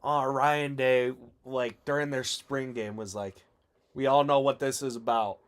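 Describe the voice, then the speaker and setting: A man co-hosting a podcast in casual chat, joking and swearing, sometimes yelling mock chants. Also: mid-range voice, steady tone, unhurried. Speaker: podcast co-host.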